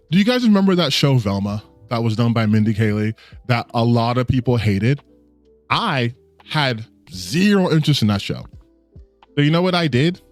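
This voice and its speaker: A man's voice: medium pitch, no room sound. A man giving a profane, exasperated rant as a gaming commentator. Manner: profane, exasperated, lively delivery. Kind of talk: ranting commentary.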